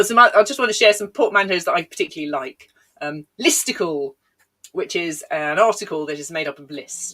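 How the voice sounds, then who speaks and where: A woman's voice: sits low, fairly bright tone. A middle-aged woman from Britain, a comedian rambling through a chatty, self-deprecating live-stream set with plenty of ums and laughs.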